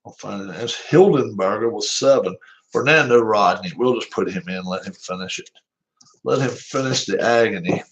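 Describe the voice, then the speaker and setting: Over dull-sounding audio, a lowish male voice at an ordinary pace gives relaxed play-by-play of a tabletop baseball replay. He has a Southern American accent, wanders off on tangents, and keeps laughing at his own remarks.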